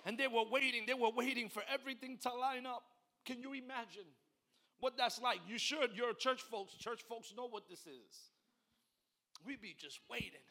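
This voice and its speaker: High-voiced preacher with a bright, ringing voice. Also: male voice, moderate pace, a little hiss or hum. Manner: call-and-response preaching, swings from quiet to shouting. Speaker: pastor. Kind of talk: sermon. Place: church.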